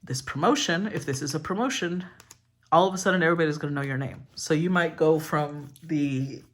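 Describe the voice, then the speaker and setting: A woman's voice: low voice, brisk. Candid, rambling woman tarot reader. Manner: rambling and candid, swears freely, many restarts. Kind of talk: casual collective tarot reading.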